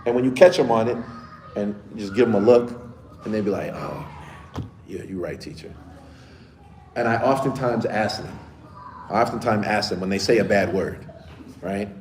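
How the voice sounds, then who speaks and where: A man's voice: on the low side, fairly even intonation, brisk, a little mellow, a little hiss or hum. A man who is a teacher giving a casual lesson to children, often checking in with the class as he talks. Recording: echoey room with faint ambience.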